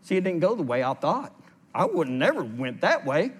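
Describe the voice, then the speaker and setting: Animated pastor preaching. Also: male voice, on the high side, moderate pace, slightly rough. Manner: storytelling, animated, laughs at his own story; reads scripture aloud and explains it. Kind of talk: sermon.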